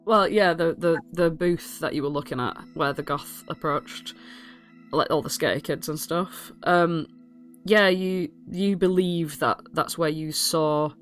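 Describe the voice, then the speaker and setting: A woman running a tabletop game as game master, narrating scenes in a rambling, animated way full of fillers. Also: low voice, a little slow, faint music behind.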